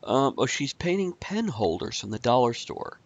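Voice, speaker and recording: A man's voice: mid-range voice, very animated, normal speed, no echo, lo-fi sound. A man hosting a casual online talk show, chatty and teasing, often laughing. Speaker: podcast host. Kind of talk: casual chat.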